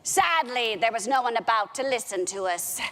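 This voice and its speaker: A woman's voice: a little high, lively intonation, moderate pace, raised voice, in a large hall, heavy background noise. A woman at a library telling children a pirate story, with playful pirate talk. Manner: playful pirate talk, with an occasional "arr" and "me ship".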